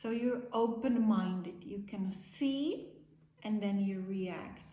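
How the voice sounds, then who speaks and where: A woman teacher giving a slow, simple English lesson to young children, repeating key words. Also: medium pitch, mellow, reverberant, rough recording.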